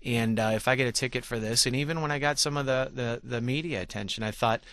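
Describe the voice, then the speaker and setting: Candid, bright-voiced man in his forties. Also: mid-range voice, fast talker, dry recording. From Michigan. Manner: candid, self-deprecating, many restarts. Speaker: radio guest, former state legislator. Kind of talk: radio interview storytelling.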